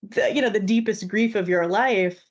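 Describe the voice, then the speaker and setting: Woman, podcast co-host, earnest storyteller, mid pitch, dull lo-fi recording. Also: moderate pace. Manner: earnest, storytelling, says "right?" often. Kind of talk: reflective podcast conversation.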